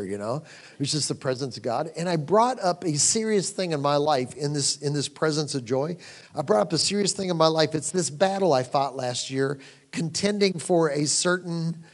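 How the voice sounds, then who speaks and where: Animated man preaching a story. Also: fairly high pitch. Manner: drops to hushed tones for quoted moments. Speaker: conference speaker. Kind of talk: sermon. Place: conference hall.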